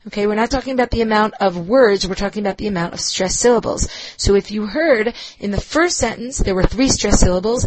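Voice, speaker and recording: A woman's voice: mid-range voice, darkish tone, no room sound, low-quality recording. Woman teaching a Bible lecture. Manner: explanatory, with frequent fillers and checking "right?". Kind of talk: recorded lecture.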